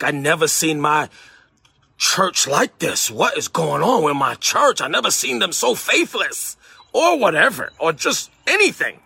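A man preaching in a conversational, animated way, slipping into acted-out phone calls and sudden excited exclamations. His voice sits high and sounds bright. He takes his time with the words, and the sound is dry and close. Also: no echo. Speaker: pastor. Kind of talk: sermon.

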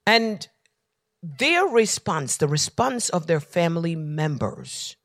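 A high-pitched male preacher delivering a sermon in a dry, close-sounding space. He swings from hushed near-whispers up to loud shouts. He circles back to repeated refrains in a preaching cadence. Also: very animated, takes it slowly, no room sound. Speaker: pastor.

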